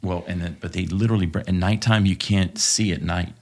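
Low gravelly man telling a profane story. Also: brisk. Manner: profane, laughing, animated storytelling. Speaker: podcast guest, former contractor. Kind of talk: casual storytelling.

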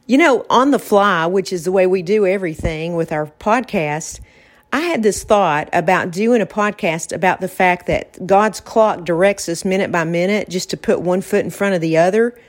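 A woman's voice: fairly low pitch, normal speed. A woman hosting a podcast, talking in a reflective, casual way about faith and getting through hard times. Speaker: podcast host.

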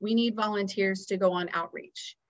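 A woman guest on a podcast, telling a personal story in an earnest, animated way. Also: mid-range voice, moderate pace, muffled recording. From Houston area, US. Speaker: guest, founder of a nonprofit.

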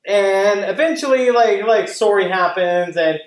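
A casual podcast host who rambles with lots of fillers and swears freely. The voice sits at a middle pitch and carries a roomy echo. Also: normal speed, hardly any pauses. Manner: rambling, animated, profane, many fillers. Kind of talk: casual chat.

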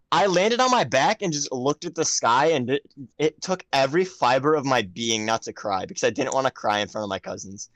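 Animated young man telling stories. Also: fairly high pitch, no room sound. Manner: animated storytelling, swearing, laughing. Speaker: podcast co-host. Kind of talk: casual chat.

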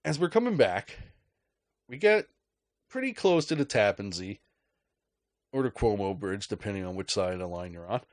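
A man's voice: on the low side, sing-song, moderate pace, long pauses, no room sound. A man hosting a podcast, telling a story in a casual rant with a profane, sarcastic, joking manner. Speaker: podcast host.

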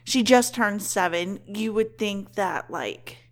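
A woman co-hosting a casual podcast chat speaks slowly at medium pitch. She's chatty and emotional, gushing as she fills her speech with lots of "like" and "um."

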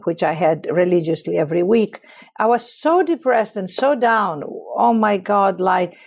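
A woman's voice: lowish voice, creaky. A middle-aged woman from Greece with a Greek accent, telling stories passionately in an interview. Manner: passionate, expressive storyteller. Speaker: guest. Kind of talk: storytelling in conversation.

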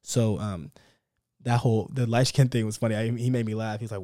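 A man's voice: on the low side, steady tone, a little fast, dark tone, dry recording. A young man hosting his own podcast alone, talking unscripted in an upbeat, motivational, repetitive way into a close mic. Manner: talks from the heart without a script. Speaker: podcast host. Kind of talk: casual solo podcast monologue.

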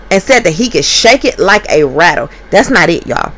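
Animated, profane young mother ranting. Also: medium pitch, normal speed, few pauses. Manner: animated, profane, emphatic storytelling to viewers. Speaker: mother telling a story. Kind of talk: casual storytime vlog.

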